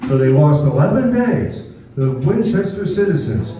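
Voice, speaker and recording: A man's voice: a little high, very animated, normal speed, noisy background. A man giving a folksy, informal public talk to an audience at a birthday celebration, now and then leading the crowd to repeat after him. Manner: folksy, leads the crowd in call and response. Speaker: speaker at a historical birthday celebration. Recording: distant, very echoey room.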